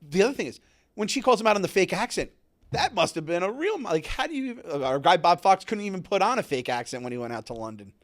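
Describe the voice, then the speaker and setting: A man co-hosting a podcast, talking in a rambling, animated way with many restarts. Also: high-pitched, fast talker. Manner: rambling, self-interrupting, animated. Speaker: podcast co-host. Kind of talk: casual podcast chat.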